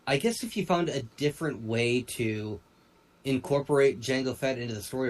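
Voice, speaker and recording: A man's voice: mid-range voice, rough recording. A man co-hosting a casual pop-culture discussion, rambling and restarting his sentences. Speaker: podcast co-host.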